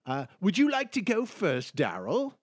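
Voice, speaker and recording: Animated American man hosting legal talk. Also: high voice, measured pace, no echo, studio quality. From United States. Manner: animated, emphatic, repeats phrases for emphasis. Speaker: host. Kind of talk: legal commentary show.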